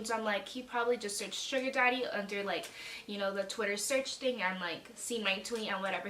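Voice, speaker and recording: With a fairly high, bright, forceful voice, a young woman tells a dramatic storytime in a chatty vlog and swears without holding back. The room echoes and the microphone sits a little distant.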